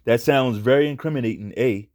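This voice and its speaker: A man hosts a casual commentary show with blunt, profane talk. He repeats his points for emphasis and keeps an ordinary, mid-pitched voice. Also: a little fast, a little mellow. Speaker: commentary channel host.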